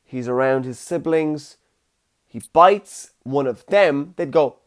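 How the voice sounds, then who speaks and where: A man's voice: mid-range voice, slow, background noise. A young man, hosting a casual solo podcast with chatty, jokey storytelling. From Ireland. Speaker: podcast host.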